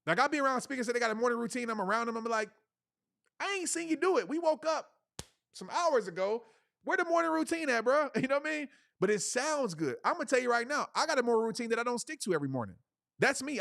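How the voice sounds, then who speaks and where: A man's voice: high voice, a bit bright, no room sound. Punchy, dry-miked male motivational speaker. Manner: preachy, punchy repetition, slangy. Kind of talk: live webinar talk.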